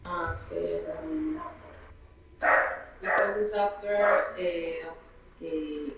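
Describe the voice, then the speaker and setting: A man's voice: high voice, drawn-out words, gravelly, a bit bright. A man who is a native Spanish speaker, a student answering hesitantly with many fillers. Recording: distant, echoey, muffled with faint noise.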